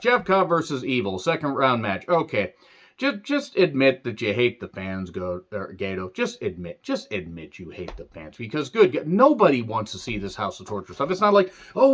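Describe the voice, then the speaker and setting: A man's voice: fairly high pitch, fairly bright tone, highs cut off. A man hosting a casual wrestling recap, ranting and swearing, now and then talking to his pet. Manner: ranting, profane, talks to his pet off-camera.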